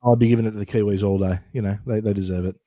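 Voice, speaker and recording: A man's voice: fairly low pitch, steady tone, racing, warm tone, no room sound. An Australian man co-hosting a casual livestream chat, joking and teasing in banter. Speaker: co-host.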